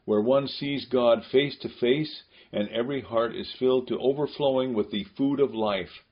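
A man giving a scripted devotional reading in a solemn, measured, prayerful way, on a dull lo-fi recording. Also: mid-range voice.

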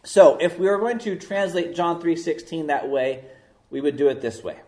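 A man preaching a sermon as pastor, slow and deliberate, leaning hard on key words. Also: a little high, expressive, a little mellow, roomy sound.

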